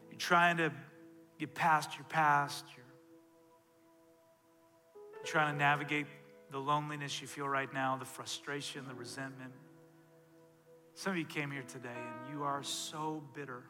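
A male pastor preaching a sermon, swinging from loud, intense passages to soft, hushed ones. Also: a little high, steady tone, measured pace, long pauses, soft background music. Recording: long reverb of a large hall.

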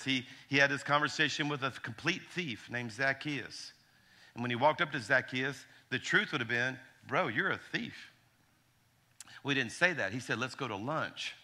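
A man, preaching a sermon as a pastor, telling stories animatedly and acting out the voices in them. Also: mid-range voice. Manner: animated, acts out quotes, frequent restarts. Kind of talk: sermon storytelling.

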